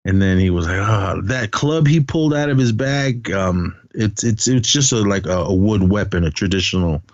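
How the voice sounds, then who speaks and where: A man hosting a podcast, casually recapping a film in animated storytelling and acting out the characters' lines. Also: lowish voice, normal speed, no room sound, muffled recording. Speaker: podcast host.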